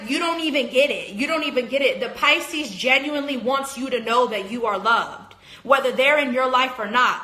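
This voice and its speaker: A woman astrologer rants on a phone livestream in a high, sharp voice. She talks with passion and force, swears freely and leans hard on "like." The sound carries a roomy echo. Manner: passionate, emphatic, swears, heavy use of "like". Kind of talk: livestream rant.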